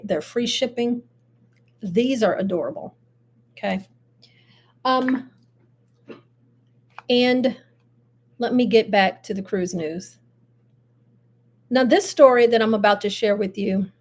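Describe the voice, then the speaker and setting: Older female host, chatty, talks straight to viewers, a touch high-pitched. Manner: chatty, laughs often, addresses viewers directly. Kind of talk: casual live-stream chat.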